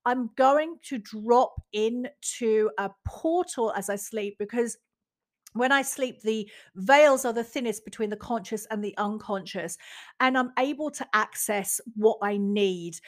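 A woman, talking candidly and reflectively about her own routines, swearing casually and acting out her inner voices. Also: on the high side. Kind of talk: personal reflective monologue.

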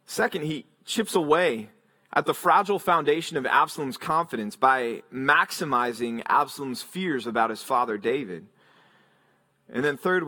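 A man's voice: mid-range voice, bright, forceful tone. A male pastor preaching an expository sermon, retelling the text as a story and explaining it in detail, with frequent restarts.

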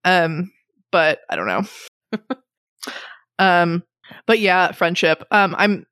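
A woman's voice: on the low side, animated, slow, fairly bright tone, no echo, studio quality. A woman in casual chat about a book, rambling and laughing often as she retells scenes. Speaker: book podcast co-host.

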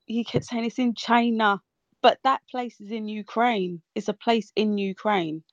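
A woman's voice: fairly high pitch, steady tone, a little slow, no echo. Hesitant woman, slightly dull sound. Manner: hesitant, trails off mid-sentence. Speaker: panel guest. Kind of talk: heated panel debate.

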